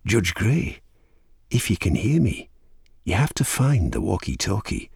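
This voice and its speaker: A man with a husky voice voicing a quiet, mysterious stranger who coaxes a captive over a walkie-talkie in a storybook reading. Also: fairly low pitch, very animated, a little slow, dry recording, studio quality, voice pushed up, exaggerated voice. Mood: urgent, coaxing. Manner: quiet, urgent, coaxing.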